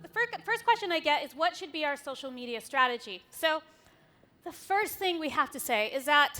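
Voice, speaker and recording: Woman, 30s, keynote speaker, bright voice, wry and candid with casual swearing. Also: high voice. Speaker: conference speaker. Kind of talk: keynote talk with slides. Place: conference stage.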